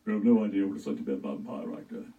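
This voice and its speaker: A man's voice: deep voice, expressive, very fast, warm tone, distant mic, lo-fi sound, voice pushed down. A man impersonating an older male horror film actor in a solemn, sonorous way. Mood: gloomy.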